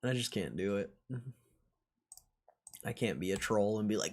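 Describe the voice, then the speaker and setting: A young man chats on his stock livestream, answering viewers in a sarcastic, laid-back way. His voice sits a little low, and he swears freely and laughs often. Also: very animated, normal speed, creaky, long pauses. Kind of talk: casual livestream chat reading comments.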